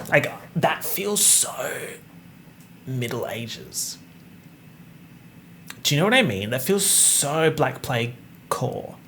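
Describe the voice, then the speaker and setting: A man's voice: mid-range voice, gravelly, fairly bright tone, a little hiss or hum. A young man hosting a solo podcast, joking and swearing casually as he wanders off on tangents. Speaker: podcast host. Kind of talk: rambling solo podcast chat.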